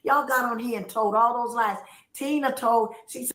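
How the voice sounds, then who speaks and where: A woman's voice: fairly high pitch, fairly even intonation, moderate pace, fairly bright tone. A middle-aged woman on a livestream, emotional and accusatory, repeating her points as she rants. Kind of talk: heated livestream rant. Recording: roomy echo.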